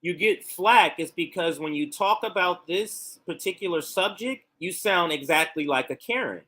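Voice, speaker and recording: A man's voice: high-pitched, expressive, normal speed, sharp tone. A man hosting a political livestream, reacting to clips and arguing with pointed rhetorical questions. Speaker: political commentary host.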